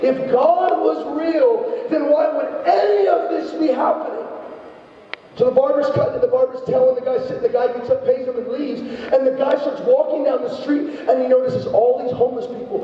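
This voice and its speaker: A young youth speaker gives an evangelistic talk to a high school club, telling stories at normal speed and animatedly acting out the voices of the people in them. He's in a large room crowded with students, and the distant microphone makes the recording sound dull and echoey, as if heard from far across a hall.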